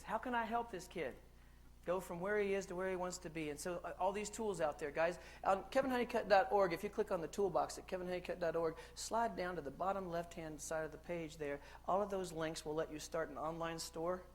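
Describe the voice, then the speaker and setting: A man from the United States giving a conference keynote in a lively, joking storytelling way, asking the crowd questions. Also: on the high side. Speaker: keynote speaker. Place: conference hall stage.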